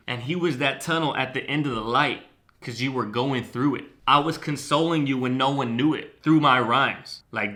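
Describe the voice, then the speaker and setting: With a sharp tone in a mid-range voice, this man enthusiastically picks apart a song's lyrics for his YouTube music channel. He swears without holding back and answers the lines with hums and "ooh"s, keeping the commentary casual.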